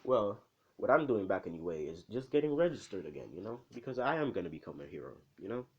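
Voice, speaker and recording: A man's voice: lowish voice, very animated, fast, husky, dull audio. Man doing smug Izuku, boastful teen hero.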